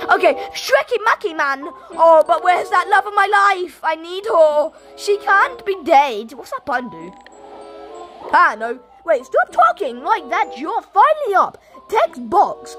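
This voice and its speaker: Very high-pitched, excitable gamer girl. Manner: goofy, excitable, shouty outbursts. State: sore throat. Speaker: gaming video creator. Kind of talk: playful gameplay commentary.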